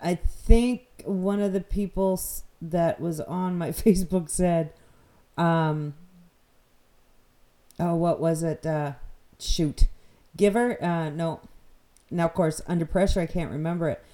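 A woman's voice: lowish voice, slow, pauses often, warm tone. A woman from New Brunswick, Canada, hosting a radio interview in a chatty, rambling way and laughing easily. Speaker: radio show host.

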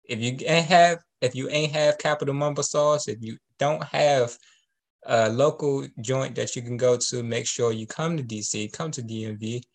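A man's voice: mid-range voice, normal speed. A man, laid-back and joking in casual chat.

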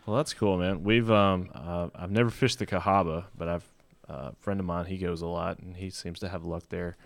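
A man with a low, deep voice from chats casually as a podcast co-host. He talks in an excitable way and says "dude" and "man" a lot. The sound is dry and close, with no room echo. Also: moderate pace, gravelly. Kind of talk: casual chat.

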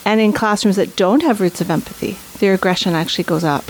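A woman's voice: mid-range voice, fast, darkish tone, a little hiss or hum, low-quality recording. A woman instructor for a children's empathy program, answering interview questions with enthusiasm and often tagging her points with "right?". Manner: enthusiastic, frequent "right?" tags. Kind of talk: interview guest.

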